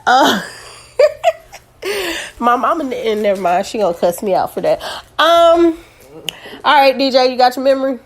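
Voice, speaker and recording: A woman's voice: high voice, sing-song, unhurried, long pauses. A woman hosting a casual podcast who rambles and corrects herself, joking while holding back tears. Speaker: podcast host.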